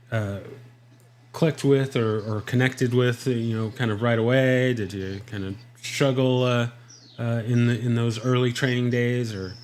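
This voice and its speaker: A man's voice: mid-range voice, a little mellow. Guy hosting a podcast, lots of uhs, faint background hiss. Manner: hesitant, many fillers, brief affirmations. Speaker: podcast host. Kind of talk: casual interview chat.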